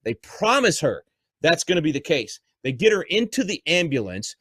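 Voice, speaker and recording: A man's voice: fairly high pitch, big pitch swings, normal speed, fairly bright tone, breathy edge, dry recording. A man, a guest on a podcast interview, speaking fervently and emotionally, stumbling over words when upset. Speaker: guest, homeschool advocate.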